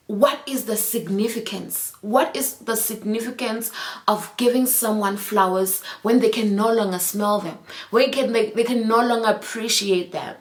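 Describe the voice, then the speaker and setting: A woman vlogger in her thirties speaks in a reflective chat vlog. Her pitch sits in the middle, and she talks earnestly and from the heart. She pauses on fillers and restarts her phrases now and then.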